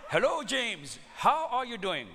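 A man voicing a pretend male doctor who asks slow, formal, probing questions in a put-on accent. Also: very high voice, huge pitch swings, pushed and bright, in a large hall, a little hiss or hum, voice pushed up, heavily acted.

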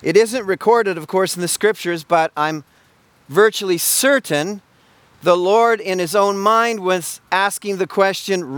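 High-voiced preacher asking emphatic questions. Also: male voice, a little slow, fairly bright tone, smooth, dry recording. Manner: emphatic rhetorical questions with frequent word repeats. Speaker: pastor. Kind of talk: sermon.

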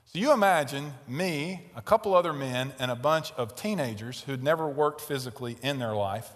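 A man preaching a sermon, telling a story and growing loud and animated in tense moments. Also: medium pitch, moderate pace, few pauses, in a large hall. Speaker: pastor. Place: large tent.

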